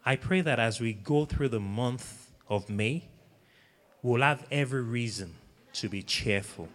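A man's voice: mid-range voice, a little slow, a bit bright, long reverb tail. A man preaching a sermon, earnestly urging his listeners and repeating key phrases. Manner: earnest exhortation, repeating phrases, sings snatches of a hymn.

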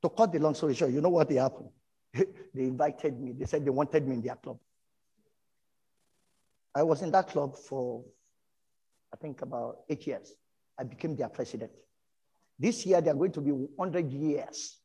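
A middle-aged man from Nigeria with a Nigerian English accent, preaching a sermon and telling stories from his own life, animated and breaking into shouts. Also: a little high, normal speed, pauses often, husky, rough recording. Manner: animated storytelling, bursts into shouts. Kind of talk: sermon with personal testimony.

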